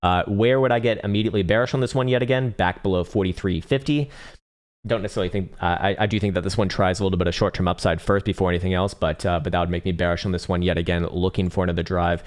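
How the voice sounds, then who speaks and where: Deep-voiced man, livestream trading host, casual and profane, blunt chart calls. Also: fairly even intonation, fast talker. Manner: profane, blunt, bursts into laughing rants. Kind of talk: live market analysis reading chat.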